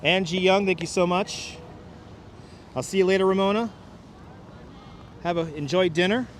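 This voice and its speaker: A man's voice: high-pitched, steady tone, moderate pace, a little hiss or hum. A man with a Brooklyn accent hosting a live-stream walking tour on a city waterfront, chatting with viewers and reading out their names as he goes. He is recorded on a wireless clip-on mic, with the street around him. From Brooklyn, New York. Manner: chatty, reads out viewer names and jokes with chat.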